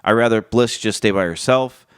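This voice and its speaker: A man hosting his wrestling channel with casual vlog commentary. He talks with energy and emphatic, animated jumps in pitch, and his voice is stuffy and congested from a cold. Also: normal speed, smooth, no echo, studio quality.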